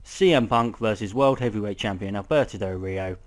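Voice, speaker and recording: Young man, slightly low voice, casual rambling reviewer, cusses a lot, frequent ums. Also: a little fast. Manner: rambling, swears often, many ums. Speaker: wrestling show reviewer.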